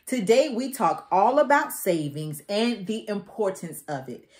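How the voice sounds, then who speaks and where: A woman's voice: medium pitch, very animated, unhurried. A woman hosting a Christian finance channel, speaking to her viewers in a familiar, folksy way and leading them in prayer and scripture reading. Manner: warm familiar address to viewers, folksy and preacherly; reads scripture aloud and prays earnestly. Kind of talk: casual faith-based teaching and prayer.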